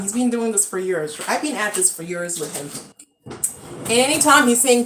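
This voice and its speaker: A woman's voice: mid-range voice, expressive, a little fast, background noise. A woman in her thirties chatting casually on a live stream at home, talking to viewers and calling out to her kids in the backyard. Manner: chatty, scolding her kids between asides. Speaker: vlogger. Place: at home, outdoors near a backyard pool.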